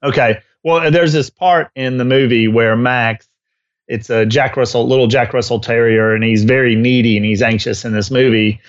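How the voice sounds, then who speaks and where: A man who trains dogs, co-hosting a podcast in casual chat and telling stories with lively acted-out bits. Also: medium pitch, moderate pace, muffled recording. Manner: animated storyteller who acts out scenes. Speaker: dog trainer and co-host.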